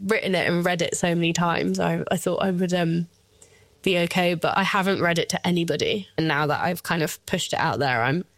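A woman's voice: fairly low pitch, a little fast, dry recording. A woman in her thirties, a guest mother speaking candidly about her daughter, at times tearful, with light laughs. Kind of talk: emotional personal interview.

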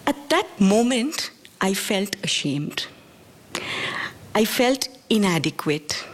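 Woman in her forties, personal storyteller, earnest and measured, mid pitch. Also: sing-song. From India. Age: 40s. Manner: measured, earnest, halting at painful moments. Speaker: speaker telling her own story.

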